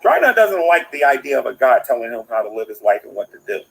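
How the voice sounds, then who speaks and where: A man's voice: mid-range voice, sing-song, fast talker, gravelly, rough recording. A man outdoors ranting into his phone in a livestream, preachy and indignant, repeating himself for emphasis. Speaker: online commentator.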